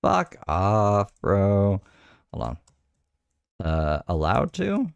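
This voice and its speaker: Brief: very low male streamer, animated up-and-down delivery, dry close sound. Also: drawn-out words, gravelly, clear, resonant tone, no room sound, lo-fi sound. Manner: muttering, irritable, swearing at tech. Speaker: stream commentator. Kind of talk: live reaction commentary.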